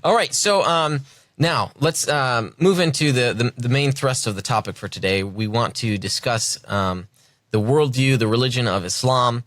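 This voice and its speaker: A man's voice: medium pitch, moderate pace, a bit bright, no echo, studio quality. A man hosting a podcast interview, friendly and hesitant with many fillers as he asks questions. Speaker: podcast host.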